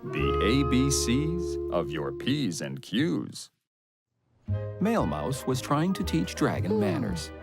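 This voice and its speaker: Brief: woman narrator, extremely low voice, lively intonation, storybook cartoon read over music. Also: slow.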